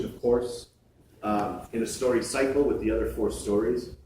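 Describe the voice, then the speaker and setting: A man's voice: mid-range voice, slight background noise. Man telling a story on a theatre stage. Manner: measured, animated storytelling with playful asides. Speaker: emcee and storyteller. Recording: echoey theatre from far off.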